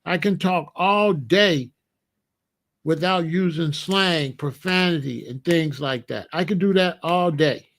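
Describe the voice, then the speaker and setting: A man's voice: fairly high pitch, slow, a bit bright, slight background noise. A middle-aged man from the United States telling a story in a casual monologue, repeating phrases for emphasis. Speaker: commentator.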